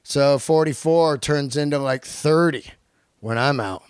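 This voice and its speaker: Profane, ranting podcast host, smooth voice. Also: male voice, a little high, unhurried, no echo, studio quality. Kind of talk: solo comedic rant. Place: lives in Los Angeles.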